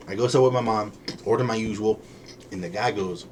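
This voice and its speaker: A man's voice: fairly low pitch, a little fast, background noise. Jokey man on a podcast. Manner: playful, jokey storytelling. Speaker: podcast co-host. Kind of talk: casual chat.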